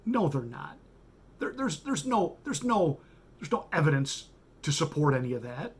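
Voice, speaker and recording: A man's voice: fairly high pitch, very animated, moderate pace, husky. A man, a pastor hosting a radio show, giving a blunt, sarcastic political monologue with emphatic repetition.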